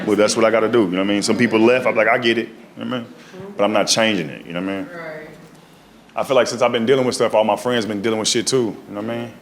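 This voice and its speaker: A man's voice: on the low side, steady tone, very fast. A man doing a stand-up set on stage with a handheld mic, telling stories in loose slang and tossing in tag questions. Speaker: stand-up comedian. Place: comedy stage before a live audience. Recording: live audience laughter.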